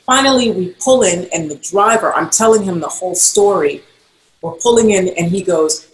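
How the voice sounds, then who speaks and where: A woman's voice: on the low side, normal speed. A woman guest on a podcast interview, telling a story and acting out the quoted dialogue. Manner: animated, acts out quoted dialogue. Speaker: podcast guest, costume designer. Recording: roomy echo.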